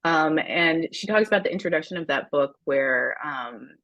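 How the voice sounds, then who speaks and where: A woman's voice: deep voice, lively intonation, moderate pace, fairly bright tone, dry recording, lo-fi sound. A woman on a museum's staff presenting a public talk, speaking directly to the audience in a friendly, conversational way.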